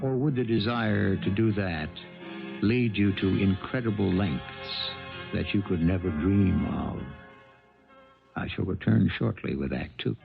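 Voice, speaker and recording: A man hosting a 1970s radio drama, musing aloud in a measured storytelling manner. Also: deep voice, gravelly. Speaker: host. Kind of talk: radio drama host commentary. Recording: dull 1970s radio broadcast over music.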